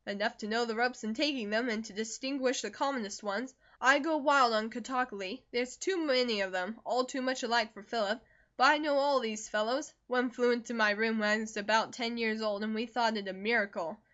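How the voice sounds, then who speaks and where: A woman reads as a young man getting over a long fever, still cheerful and eager to talk. He comes across as brisk and emphatic. The audiobook sound is a little dull in the highs. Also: fairly bright tone, natural voice.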